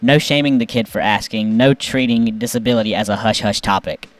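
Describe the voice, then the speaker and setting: A man reviewing memes in casual, playful commentary, with sudden jumps up in pitch when he reacts. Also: a little fast. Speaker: YouTube meme reviewer.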